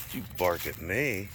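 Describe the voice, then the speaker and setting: Outdoors near a house and garage, a dog owner talks casually to his dog, coaxing and scolding it with exasperated chuckles. His voice is mid-range, and the recording is very noisy.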